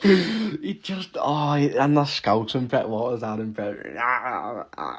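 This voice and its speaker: A man in a loose, expletive-laden reaction rant, restarting his sentences as he goes. His voice sits in an ordinary mid pitch for a man. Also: expressive, takes it slowly. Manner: swears constantly, laughs often, rants with restarts. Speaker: MMA reaction vlogger.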